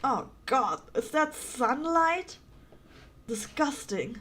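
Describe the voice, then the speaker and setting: A woman's voice: high-pitched, very animated, slow, a bit bright. A woman from Germany with a German accent, streaming a game with playful, giggly commentary and frequent swearing. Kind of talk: casual gaming commentary.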